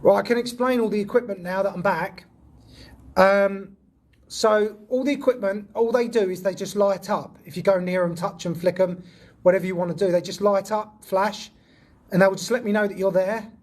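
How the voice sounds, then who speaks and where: Jumpy high-voiced man in an echoey building. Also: steady tone, moderate pace. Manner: jumpy, nervous, swears when startled. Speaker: paranormal investigator vlogger. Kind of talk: casual commentary to camera and calling out to spirits. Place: old prison building indoors. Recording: echoey indoor space with faint ambience.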